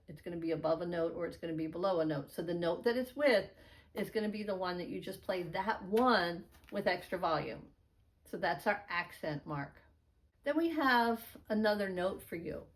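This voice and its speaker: A middle-aged woman teaching a beginner piano lesson, explaining patiently and chanting note counts in an encouraging way. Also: medium pitch.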